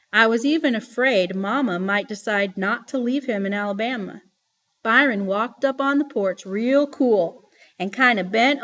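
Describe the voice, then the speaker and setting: A woman reading a novel aloud as audiobook narration, with lively storytelling. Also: mid-range voice, dull audio.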